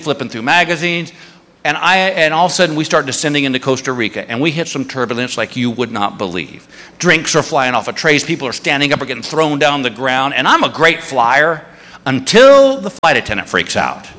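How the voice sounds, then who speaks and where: A middle-aged man doing stand-up, telling a story in an animated, drawling way. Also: on the high side, brisk. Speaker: stand-up comedian. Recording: stage mic in a reverberant hall.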